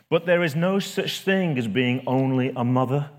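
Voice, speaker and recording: A man's voice: mid-range voice, normal speed, few pauses. A man, a pastor, preaching a sermon in a conversational way, building to rising emphasis.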